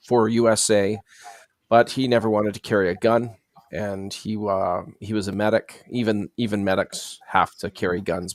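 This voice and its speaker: A man's voice: fairly low pitch, no room sound, studio quality. A middle-aged man giving long, rambling conversational interview answers, full of fillers and restarts. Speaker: interview guest.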